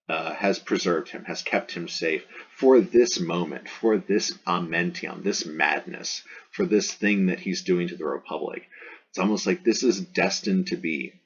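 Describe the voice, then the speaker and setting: Male Latin teacher, deep and gravelly, casual explaining lecture style with fillers, muffled lo-fi recording. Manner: explanatory and conversational, many fillers and restarts. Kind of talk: line-by-line classroom translation lecture. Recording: dull lo-fi audio.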